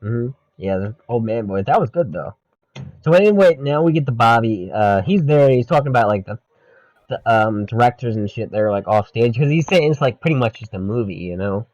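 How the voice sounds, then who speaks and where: A man's voice: mid-range voice, lively intonation, brisk, darkish tone, dry recording, rough recording. A man co-hosting a podcast, chatting casually and profanely about a comedy film while quoting its lines. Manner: loose and profane, quoting lines in mock voices. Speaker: podcast co-host. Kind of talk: casual movie review chat.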